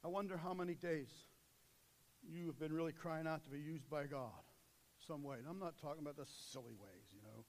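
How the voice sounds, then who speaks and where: A man preaching a sermon, swinging between loud urgent passages and low, quiet intensity. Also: steady tone, fairly quick.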